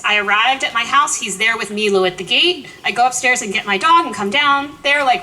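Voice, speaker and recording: A woman in her forties telling a lively, self-deprecating personal story at a memorial. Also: high-pitched, a little fast, rough recording. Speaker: eulogist.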